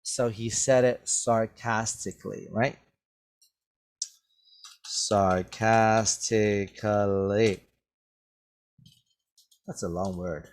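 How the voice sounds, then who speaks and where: A man's voice: lowish voice, creaky, a little mellow. A man teaching an English vocabulary lesson, patiently checking his students' understanding as he goes. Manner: slow, patient, checks understanding with "right?" and "okay?".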